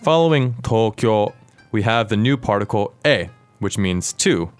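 A man with a fairly low voice hosts a language-lesson podcast. He explains each word in a clear, patient way and turns to his co-host with questions. Soft music plays faintly behind him. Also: animated, measured pace, no echo.

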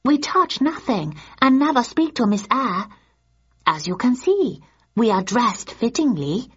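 Woman putting on a high brisk Japanese tour guide. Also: big pitch swings, husky, lo-fi sound, exaggerated voice. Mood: polite.

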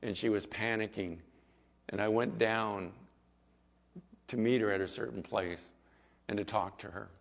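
A male pastor preaching a sermon and telling a story, moving between loud passages and hushed ones. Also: on the low side, fairly even intonation, a little slow, creaky, long pauses. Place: church sanctuary. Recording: echoey hall, dull lo-fi sound.

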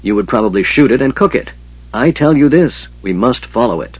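A man's voice: mid-range voice, huge pitch swings, takes it slowly, husky, dry recording, dull audio, voice pushed up, exaggerated voice. A man voicing a feverish, proud young knight who talks intensely and sharply. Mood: scornful. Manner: intense, snapping, sometimes strained.

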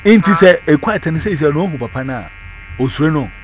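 A man's voice: a little high, animated, brisk, over music. A man, telling a story in casual chat and switching between Twi and English. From Ghana.

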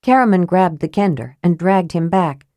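A woman reading a fantasy novel aloud as an audiobook narrator, steady and clear. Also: lowish voice, normal speed, dry recording, clean studio sound.

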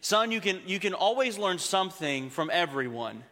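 A preacher doing a drawling Texan dad. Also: male voice, high voice, big pitch swings, moderate pace, sharp tone, big-room sound, full character voice. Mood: fatherly warning. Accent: Texas. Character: older Texan father giving stern warnings.

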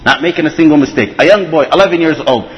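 High-voiced man teaching in a hall. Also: rapid-fire, highs cut off. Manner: animated, acts out quoted speech, frequent restarts. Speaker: religious teacher. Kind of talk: storytelling religious lecture to students.

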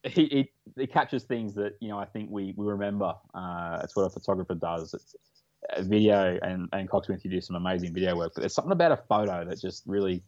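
A man's voice: sits low, fast, a little mellow, dry recording, lo-fi sound. An Australian man hosting a podcast in a casual, jokey, chatty way. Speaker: podcast host.

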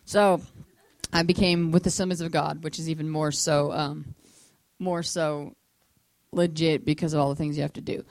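A woman's voice: sits low, level tone, normal speed, darkish tone, dry recording. A middle-aged woman minister telling her life story to a group, acting out voices and laughing as she goes. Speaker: minister sharing testimony. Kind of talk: testimony talk to a group.

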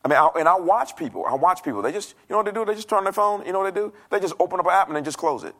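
A middle-aged pastor preaches from a church stage. His voice is gravelly, and his pitch rises and falls a great deal. He talks casually and jokes, acting out the voices of the people he quotes. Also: expressive, very fast, fairly bright tone. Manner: conversational, joking, acts out quoted voices. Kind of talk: sermon.

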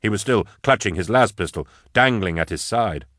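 Low-voiced man narrating a grim tale. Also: expressive, a bit bright, no echo, studio quality. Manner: measured, grave storytelling delivery. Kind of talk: audiobook narration of dark fantasy fiction.

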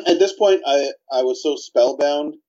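A man's voice: on the high side, unhurried, a little mellow. Wry man with a dull, lo-fi voice. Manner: wry, laughs often, breaks into jokey asides. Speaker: podcast co-host. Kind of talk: casual chat.

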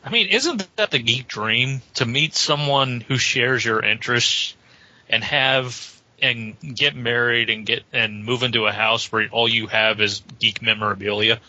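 A man's voice: medium pitch, a little slow, sharp tone, dry recording. A young man in a casual group chat, explaining his points earnestly. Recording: dry, muffled lo-fi recording.

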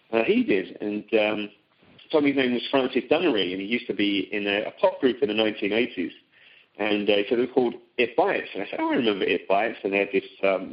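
A man in middle age talks through a phone seminar in a relaxed, conversational way. His voice sits fairly low and he stumbles often, filling gaps with ums and restarting phrases. The call audio is dull and lo-fi. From Britain. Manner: halting, many ums and restarts. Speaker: teleseminar guest.

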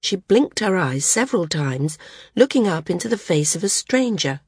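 A woman reads a novel in measured, even narration. Her voice is fairly low and has a husky texture. The recording is dry and close, with no room sound. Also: no echo. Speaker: audiobook narrator. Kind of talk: scripted narration.

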